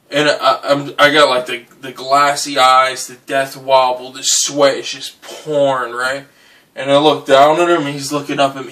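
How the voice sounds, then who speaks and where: A young man telling a drunken story in casual, animated speech, swearing and asking "right?" again and again. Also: medium pitch, far from the mic. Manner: animated, swearing, says "right?" and "dude" often. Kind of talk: casual anecdote.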